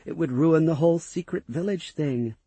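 A man's voice: a little high, warm tone, slightly rough, no room sound. A man voicing a drowsy, tired goddess. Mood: sleepy. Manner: slow, sleepy and unhurried.

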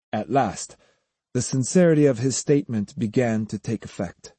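A man narrates an audiobook in a steady, even storytelling voice. His tone is husky and dark, recorded close and dry. He keeps a slightly raised, calm delivery. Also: medium pitch, moderate pace, no echo. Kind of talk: scripted narration.

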